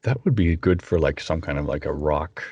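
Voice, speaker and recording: A man, a voice actor, chatting in an interview and animated, often breaking into impressions. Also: a bass voice, moderate pace, breathy edge, dry recording, highs cut off. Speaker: voice actor guest. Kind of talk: casual interview chat.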